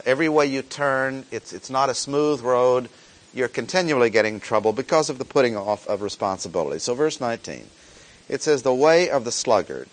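A man teaching a sermon, reading scripture verses and explaining them in a slow, deliberate way, repeating key phrases for emphasis. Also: medium pitch. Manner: reads scripture aloud, then explains it plainly. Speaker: preacher.

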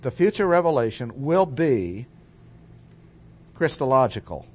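A man teaches through a Bible passage in a steady lecture voice at an ordinary middle pitch. He explains step by step and slows down to stress the words that matter most.

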